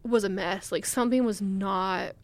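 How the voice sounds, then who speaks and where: A young woman recounts her story as a guest, chatty and full of "like" fillers. Her voice is smooth and clear, with a middle pitch. The sound is dry and close, with no room in it. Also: normal speed, no room sound. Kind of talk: casual storytelling.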